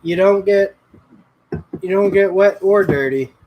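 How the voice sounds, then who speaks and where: A man's voice: sits high, measured pace, dull audio, slight background noise. A man hosting a casual livestream, chatting in a laid-back, rambling way and greeting viewers by name. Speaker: livestream host. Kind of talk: casual livestream chat reading comments.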